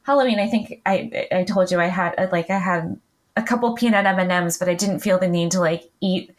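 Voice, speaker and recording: A woman's voice: fairly low pitch, fairly even intonation, a little fast. A middle-aged woman talking casually as an interview guest, chatty with many fillers and frequent light laughs. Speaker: podcast guest, client.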